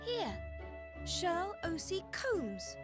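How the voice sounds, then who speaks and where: A woman's voice: very high voice, very animated, very slow, exaggerated voice. An actress playing a cheerful, teasing young woman detective in a video game cutscene. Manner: chirpy, teasing. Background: game music.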